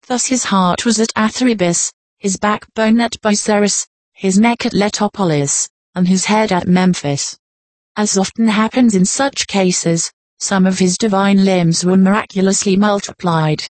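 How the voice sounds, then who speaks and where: A woman reading an old nonfiction text aloud in a measured, formal narration. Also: medium pitch, darkish tone, dry recording. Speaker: audiobook reader.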